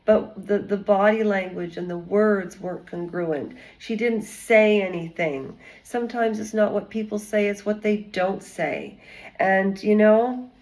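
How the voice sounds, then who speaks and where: Woman vlogger, slow and rambling, chatty and digressive. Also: medium pitch, darkish tone, poor audio. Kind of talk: casual commentary vlog.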